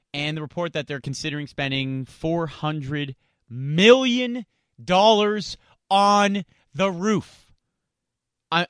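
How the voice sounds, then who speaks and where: Ranting in a radio studio, a male sports talk host sounds indignant and keeps stumbling on repeated words. His voice runs on the high side with a fairly bright tone, and the studio microphone delivers clean sound with no echo.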